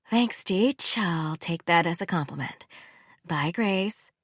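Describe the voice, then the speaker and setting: A woman's voice: fairly low pitch, expressive, takes it slowly, breathy edge, no echo, clean studio sound, heavily acted. Woman doing a cheeky New Jersey girl. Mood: teasing. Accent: New Jersey (put on). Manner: cheeky, loud, teasing. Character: young adult woman, brash Jersey girl friend. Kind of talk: audiobook character voice.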